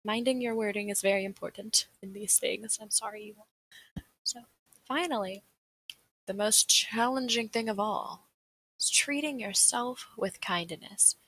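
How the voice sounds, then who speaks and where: Young Southern American woman, bright and a little husky, casual rambling livestream presenter who laughs often. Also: mid-range voice, measured pace, low-quality recording. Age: young adult. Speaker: seminar presenter. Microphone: desk mic on a livestream.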